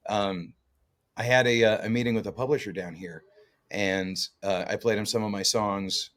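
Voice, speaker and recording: A man from Canada talks in a fairly low voice, telling stories in a loose, joking way with plenty of fillers. He sounds like a musician relaxed on a podcast chat. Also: normal speed. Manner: chatty, jokey storyteller with many fillers. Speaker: guest co-host, musician.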